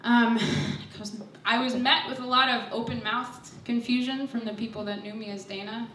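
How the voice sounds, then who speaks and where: A woman's voice: a little high, steady tone, normal speed, a crowd in the background. A young woman telling a personal story on stage, nervous and self-deprecating, laughing through her lines. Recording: echoey hall, voice from far off.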